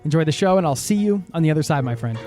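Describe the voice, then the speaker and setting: A man's voice: a little high, animated, rapid-fire, mellow. Male podcast host from the US, friendly and upbeat, faint music bed. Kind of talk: podcast intro and interview.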